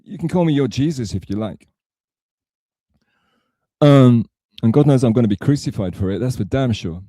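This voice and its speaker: A man's voice: mid-range voice, expressive, moderate pace, mellow, no echo. Rambling, sarcastic English man streaming. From England. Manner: self-mocking, sarcastic, digressive. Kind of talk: rambling livestream monologue.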